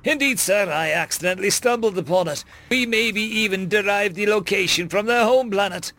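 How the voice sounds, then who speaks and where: A man voicing a young, nervous male alien student with tentacles, who stammers with excitement. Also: high voice, moderate pace, creaky, voice pushed up, full character voice. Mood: excited.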